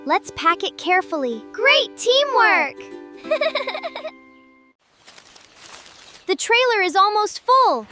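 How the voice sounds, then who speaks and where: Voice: very high voice, pushed and bright, full character voice. A performer voicing cheerful tiny cartoon chicks on a farm, bubbly and exclaiming every line. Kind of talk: children's cartoon voice acting. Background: children's music.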